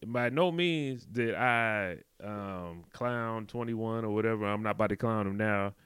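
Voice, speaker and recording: Unhurried and smooth, this man's fairly low, fairly bright voice carries a relaxed podcast conversation he co-hosts. He frequently checks in with his partner with "you know what I'm talking about," keeping things casual. It's clean studio audio without room sound.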